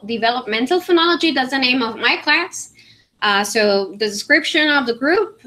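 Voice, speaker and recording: A woman's voice: high voice, bright, forceful tone. A woman English teacher, presenting a demo at a conference and talking it through with frequent fillers and "all right?" checks. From Venezuela. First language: Spanish.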